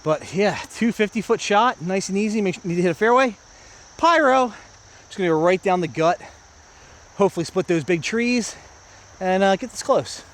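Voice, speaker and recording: This American man's voice sits high and sounds expressive and a bit bright, at a moderate pace, with a little hiss or hum in the recording. He chats to viewers as he narrates his disc golf round, a casual play-by-play vlog filmed outdoors on a park course.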